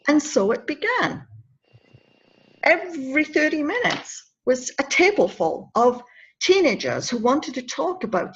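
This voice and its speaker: A woman's voice: a little high, slightly rough, muffled recording. A woman in her fifties telling a personal story in an interview, earnest and emotional, often stopping and restarting her words. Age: 50s. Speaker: interview guest, anti-bullying advocate.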